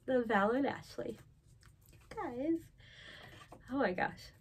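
A woman's voice: a little high, lively intonation, slow pace, slight background noise. A young woman vlogging at home, unboxing a package on camera in a gushing, emotional way. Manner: gushing, emotional, tearful with laughter. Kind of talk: casual unboxing vlog.

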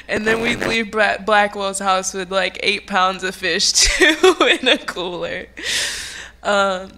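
A young woman giving a tribute at her grandfather's funeral in a church sanctuary, speaking into a podium microphone. She talks fondly and laughs through her memories, growing soft when she turns serious. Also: mid-range voice.

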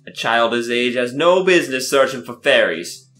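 A man voicing a fussy older man scolding about a spoiled child, loud and raised, in a put-on Australian accent. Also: medium pitch, expressive, normal speed, faint music behind, lightly acted. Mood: exasperated. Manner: loud, exaggerated mock-Australian delivery.

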